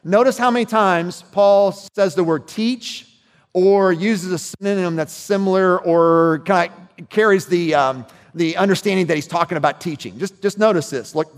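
A man's voice: high voice, big-room sound. A man preaching a sermon as pastor, talking conversationally and checking in with his listeners.

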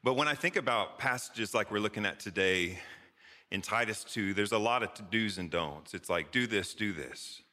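A man's voice: on the low side, bright, forceful tone. A man who is a pastor, preaching a sermon in a conversational, joking way, with playful asides between the reading. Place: church sanctuary. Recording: church hall with long reverb.

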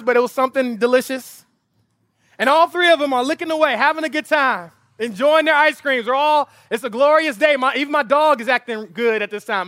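Recorded dry and at studio quality, this man's very high voice is pushed and bright as he preaches as pastor at an outdoor lawn service. His impassioned sermon weaves a vivid family story into emphatic, repeated rhetorical appeals.

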